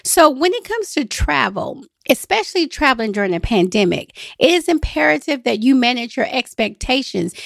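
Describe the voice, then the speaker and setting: A woman hosting a travel podcast in a lively, emphatic, chatty way. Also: on the high side, vocal fry, no echo, studio quality. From United States. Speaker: podcast host and travel agent. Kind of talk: solo podcast talk.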